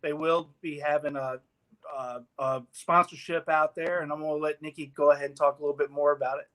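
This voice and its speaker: A man, a guest on a talk show, telling an animated story and acting out the people in it. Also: a little high, fairly quick. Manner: lively, laughing, acts out the people in his story. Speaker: guest sponsor representative.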